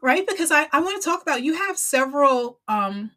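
A woman's voice: high-pitched, lively intonation, a little fast, pushed and bright. A woman with a New York accent hosting a podcast interview, chatty and enthusiastic with frequent fillers. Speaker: podcast host.

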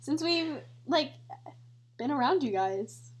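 A woman co-hosting a podcast, chatting casually and giggling between jokes. Her voice sits high and swoops lively up and down, while she takes her words at an unhurried pace. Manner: giggly, joking, laughs often. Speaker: podcast co-host. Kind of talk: casual chat.

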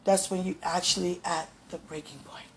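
A woman giving a fervent, emotional prayer and encouragement talk in a gravelly, sometimes hoarse voice, recorded at home. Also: on the low side, fairly even intonation, normal speed, a little hiss or hum. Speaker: spiritual vlogger.

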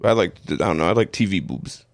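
Gravelly, joking comedian guy. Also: low voice, lively intonation, fairly quick. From Ohio. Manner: laid-back, crude and joking. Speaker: comedian and podcast co-host. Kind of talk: casual chat.

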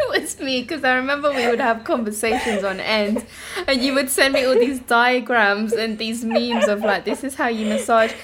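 A woman's voice: fairly high pitch, normal speed, few pauses, a loud crowd. A young woman, co-hosting a casual chat in a frank, giggly, teasing way. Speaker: podcast co-host.

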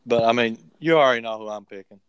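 A man's voice: medium pitch, quick pace, clean tone, no echo. A man co-hosting a casual sports picks podcast, joking and upbeat. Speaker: podcast co-host.

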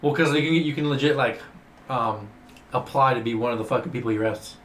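A man's voice: mid-range voice, fast talker, recorded from a distance. A man in casual chat, speaking offhandedly. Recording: roomy echo, faint noise.

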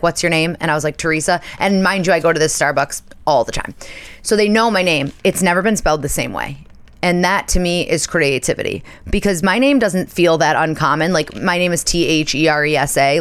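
Chatty low-voiced woman podcaster. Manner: chatty, animated storytelling with quick asides. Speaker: podcast host. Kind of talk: casual solo podcast chat.

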